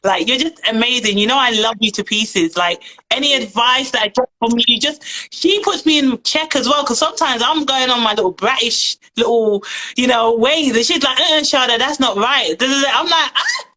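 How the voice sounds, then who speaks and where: A woman's voice: fairly high pitch, normal speed, pushed and bright, rough recording. A British woman hosting a casual live-stream chat, talking in a chatty, effusive, slangy way. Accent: British English. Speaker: host.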